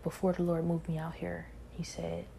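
A woman giving an earnest personal religious testimony, often soft and half-whispered, halting with restarts and filler phrases. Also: fairly low pitch, completely flat delivery, creaky, a little hiss or hum. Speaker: believer sharing a personal testimony.

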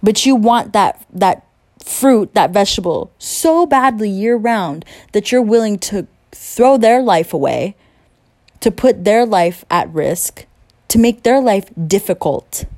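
A woman's voice: mid-range voice, a little mellow, dry recording, clean studio sound. A young woman in a late-night rant, angry and profane, with heavy emphasis on her words. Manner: mocking whiny voice when imitating others. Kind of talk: late-night ranting monologue.

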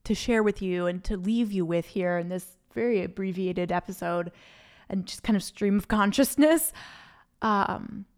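Woman host, solo podcast reflection, unhurried and earnest, thinking aloud into a mic. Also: medium pitch, smooth. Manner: earnest, faith-filled, rambling stream of consciousness. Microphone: studio microphone.

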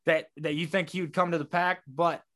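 Guy with a kinda high voice, stop-start sports chat on a podcast. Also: fairly even intonation, bright, forceful tone. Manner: halting, restarts sentences. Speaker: podcast co-host.

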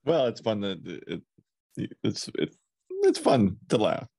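A man's voice: lowish voice, huge pitch swings, a little slow, gravelly, warm tone, slightly rough, no room sound. A man co-hosting a podcast, chatting in an easygoing, hesitant way that trails off in short phrases. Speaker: podcast co-host. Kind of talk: casual podcast chat.

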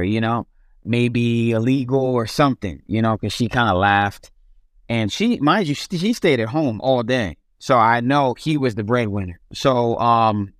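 A man's voice: medium pitch, clean tone, no echo, studio quality. A young man casually telling his life story as an interview guest, loose and rambling with many restarts.

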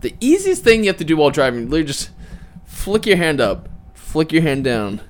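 A man's voice: on the high side, huge pitch swings, fairly quick. A young man hosting a casual podcast with friends, telling rambling stories and laughing often. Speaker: podcast host.

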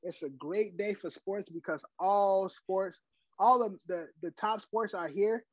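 High-voiced hyped podcast man. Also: a little slow, no room sound, muffled recording. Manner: hyped, repeats himself. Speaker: podcast co-host. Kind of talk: casual sports chat.

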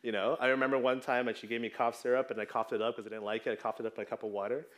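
A man's voice: mid-range voice, level tone, very fast. A man in his thirties preaching a sermon in a conversational way, often checking in with the congregation. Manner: conversational, tags lines with "right?". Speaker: pastor.

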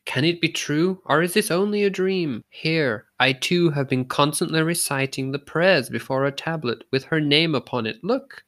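A man's voice: fairly high pitch, moderate pace, few pauses, a bit bright, voice pushed up, natural voice. A man reading a storybook, voicing an earnest, courteous young man who speaks in polite, formal phrases.

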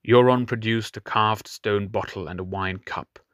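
A man reading a fantasy audiobook in scripted narration, measured and grave, dropping softer on grim details. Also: on the low side, steady tone, no echo, clean studio sound.

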